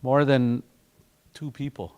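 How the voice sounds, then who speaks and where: Slow, patient male language teacher. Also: mid-range voice, level tone, darkish tone, smooth. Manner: patient, repeats words slowly and breaks them into syllables. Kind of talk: classroom language lesson.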